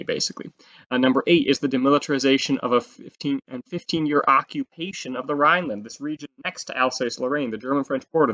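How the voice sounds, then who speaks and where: Casual male teacher explaining history. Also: medium pitch. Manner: casual, animated, with fillers and acted-out quotes. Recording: slightly dull lo-fi audio.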